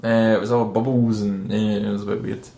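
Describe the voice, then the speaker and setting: A man's voice: fairly low pitch, level tone, brisk, warm tone. A man co-hosting a casual film podcast, wry and bantering, laughing along. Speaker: podcast co-host. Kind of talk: casual film review chat. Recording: roomy echo.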